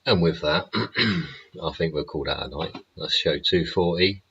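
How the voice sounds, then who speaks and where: Very deep husky man, sweary. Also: unhurried, a bit bright, dull audio. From England. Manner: rambling, blunt and heavily sweary. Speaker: show host. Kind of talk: live-stream monologue.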